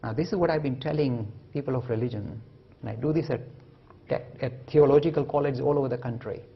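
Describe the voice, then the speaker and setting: A man lectures on religion, telling anecdotes and animatedly acting out the voices in them. His medium-pitched voice is fast, with vocal fry and a breathy edge, and the recording's highs are cut off.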